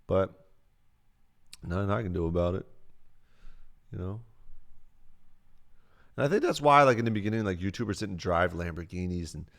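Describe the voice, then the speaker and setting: Man, very deep voice, casual stream chat, rambling, swears freely, close mic. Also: moderate pace, vocal fry, pauses often. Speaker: streamer answering chat questions. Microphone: close desk mic.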